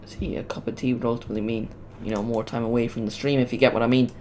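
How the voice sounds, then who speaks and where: A man commentating live on a football match as a streamer, chatty and rambling, getting loud on big moments, with his voice cracking. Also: mid-range voice, fast, slight background noise. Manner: chatty, rambling, excitable on goals. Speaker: watch-along streamer.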